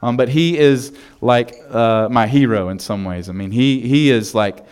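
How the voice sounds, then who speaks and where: A pastor preaching a sermon in a church, telling a story with lots of fillers before turning to prayer. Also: male voice, mid-range voice, a little slow, clear, resonant tone. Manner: casual storytelling with fillers, animated retelling.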